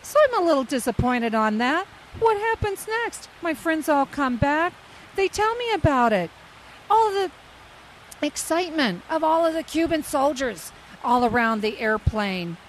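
A woman in her fifties, a longtime flight attendant, telling a story in an interview with lively, dramatic delivery. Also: high voice, unhurried, a little hiss or hum, low-quality recording. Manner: lively, dramatic storyteller who acts out quotes.

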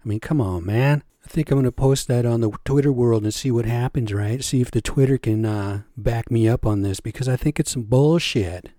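A man's voice: mid-range voice, fairly quick, hardly any pauses, warm tone, dry recording, studio quality. A man telling a story to his viewers in a casual, chatty way, often checking in with listeners. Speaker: storyteller and vlogger.

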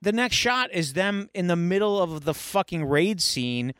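A man co-hosting a podcast, retelling a movie in an animated, profane, casual chat. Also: sits high, unhurried, smooth. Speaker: podcast co-host.

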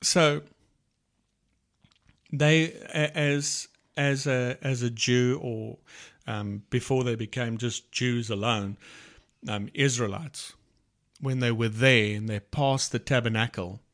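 A man co-hosting a casual faith talk, retelling Bible stories in an unhurried way with many restarts. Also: mid-range voice, steady tone, fairly bright tone. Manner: slow, unhurried storytelling with restarts and laughs.

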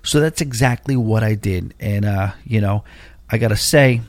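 A man's voice: fairly low pitch, moderate pace, dry recording. A man, hosting a podcast and telling a long personal story in a casual, rambling way, full of asides and fillers. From Long Island, New York. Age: 40s. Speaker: podcast host.

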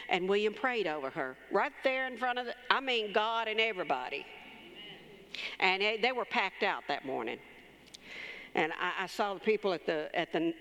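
A woman's voice: medium pitch, a bit bright. Woman preaching in a reverberant church. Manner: conversational storytelling, calls for amens. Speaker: pastor's wife preaching. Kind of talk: sermon with personal story.

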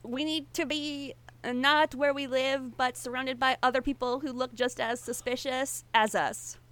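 A woman's voice: sits high, steady tone, unhurried, fairly bright tone. A woman playing a tabletop game, chatting casually, laughing often and swearing now and then. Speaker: player.

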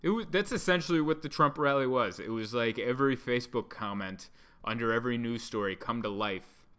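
A man doing a stand-up comedy routine, telling a rambling deadpan story with restarts and asides. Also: mid-range voice, brisk, smooth. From United States.

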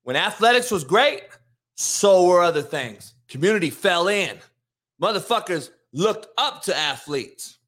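A male show host delivering an angry, profane rant about sports, often yelling and swearing heavily. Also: sits high, expressive, measured pace.

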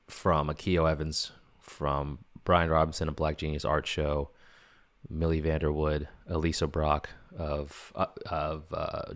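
A man's voice: a bass voice, no echo. A man hosting a podcast, giving a casual, rambling solo update full of fillers and restarts. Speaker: podcast host.

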